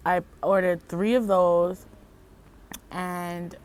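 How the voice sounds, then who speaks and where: A woman vlogging outside at night on a phone, rambling casually and loosely, laughing and losing her train of thought, a little high. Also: little pitch movement, drawn-out words. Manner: rambling, laughing, self-interrupting. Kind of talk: casual chat. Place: outdoors at night.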